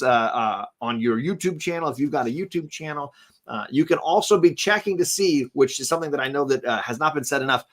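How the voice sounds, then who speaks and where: A man's voice: fairly high pitch, fairly bright tone. A man hosting a charity livestream in casual chat. He rambles, uses many fillers and thanks donors by name. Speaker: livestream host.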